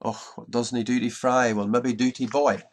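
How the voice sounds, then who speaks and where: A man's voice: mid-range voice, little pitch movement, normal speed, slight background noise, voice pushed up, natural voice. A man voicing a practical Ulster butcher. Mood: matter-of-fact. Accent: Ulster Scots.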